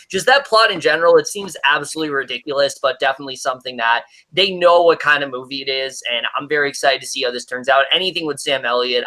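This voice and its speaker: A young man hosts a casual movie-preview chat with a bright, forceful tone. He rambles loosely through his opinions, joking and laughing along the way. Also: medium pitch. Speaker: podcast host.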